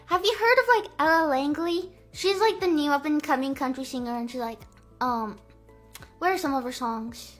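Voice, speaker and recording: A woman's voice: high-pitched, normal speed, soft background music. A young woman streamer chatting casually and playfully on a live stream, full of valley-girl fillers.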